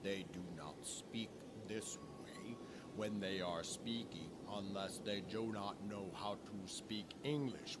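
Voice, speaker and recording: A man ranting in a casual vlog, swearing constantly and jumping between topics with animated energy. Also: fairly low pitch. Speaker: vlogger. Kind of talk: profane casual rant. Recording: clear music playing behind.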